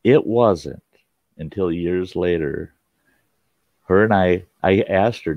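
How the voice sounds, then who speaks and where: Gravelly low-voiced folksy male storyteller. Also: slow, pauses often, no room sound. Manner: folksy, laughs often, mild cursing. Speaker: host and storyteller. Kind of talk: casual spoken storytelling. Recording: dull, lo-fi sound.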